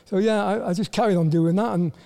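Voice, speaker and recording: Welsh man, 60s, high mellow voice, halting and self-deprecating, keeps repeating words. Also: creaky. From Wales. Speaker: guest, former footballer. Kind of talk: casual interview chat.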